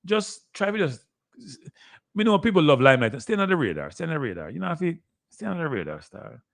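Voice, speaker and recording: This middle-aged host with a Jamaican accent runs a live sports show, chatting casually, repeating himself and addressing viewers head-on. His voice is on the high side and sing-song, a little fast with some vocal fry, captured in a dry, studio-quality recording.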